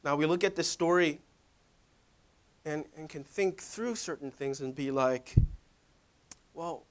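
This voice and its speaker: A man's voice: a little high, unhurried. A middle-aged male pastor preaching in a church, conversational and full of rhetorical questions to the audience. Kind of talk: sermon.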